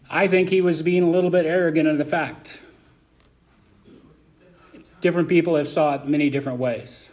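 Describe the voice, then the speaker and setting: A man preaching a verse-by-verse sermon as a pastor, talking in an animated, colloquial and emphatic way. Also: on the high side, normal speed, long pauses.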